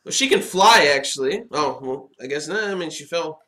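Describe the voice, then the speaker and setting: A man giving casual, excitable reaction commentary while watching an anime, chatting and laughing as he goes. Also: fairly high pitch, moderate pace.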